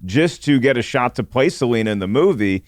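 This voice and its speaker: A man co-hosts a casual chat, his voice smooth and resonant in a dry, close recording. He thinks aloud, hesitating and restarting sentences as he works through his points. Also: mid-range voice, lively intonation, fairly quick, dry recording. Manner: thoughtful, hesitant, many restarts. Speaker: co-host.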